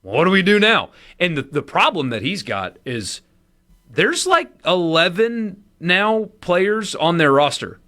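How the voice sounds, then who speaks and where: A man co-hosting a casual sports talk radio show, with a lively, animated delivery. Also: high voice, a little slow. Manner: animated, lively inflection, runs winner and loser segment.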